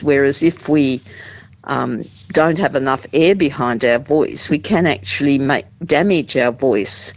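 A woman, a support group representative explaining things in a measured way during a radio interview, with frequent ums and restarts. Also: rumbling low, poor audio.

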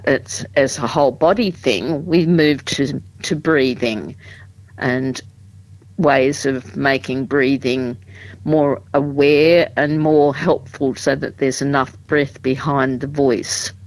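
A woman, a support group representative explaining things in a measured way during a radio interview, with frequent ums and restarts. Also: very deep voice, no room sound, rough recording.

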